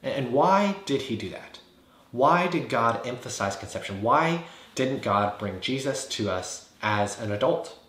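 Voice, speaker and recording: Earnest male Bible teacher, mid-pitched, rhetorical questions, echoey room. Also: fairly bright tone. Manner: earnest, builds points with repeated phrases and rhetorical questions. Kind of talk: explanatory teaching video. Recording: roomy echo.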